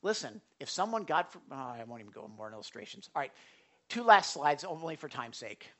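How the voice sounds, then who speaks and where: A man's voice: a little high, big pitch swings, pushed and bright. A man preaching a sermon as pastor, emphatic and often cutting himself off, acting out quoted apologies. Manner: rushed, self-interrupting, emphatic teaching.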